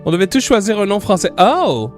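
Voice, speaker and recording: Man from French Canada, gaming streamer, playful rambling chat, somewhat high voice, faint music underneath. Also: big pitch swings, fast talker. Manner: playful, rambling, hops between put-on accents.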